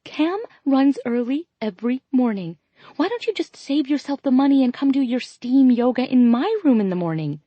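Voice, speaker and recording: A woman narrator voicing an eager, bubbly young woman in an audiobook, high and gushing with excitement. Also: moderate pace, no room sound. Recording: slightly dull lo-fi audio.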